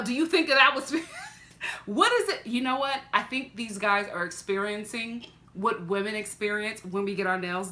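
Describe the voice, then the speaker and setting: A woman vlogger giving a casual, sassy review of a reality TV episode, chatty and quick to laugh, talking to her camera. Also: mid-range voice, pushed and bright. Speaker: TV reaction vlogger.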